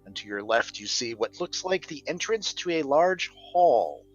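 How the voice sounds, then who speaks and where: A man's voice: medium pitch, expressive, unhurried, soft background music. Male game master, easygoing scene-setting, dull lo-fi sound. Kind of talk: narrating a tabletop game.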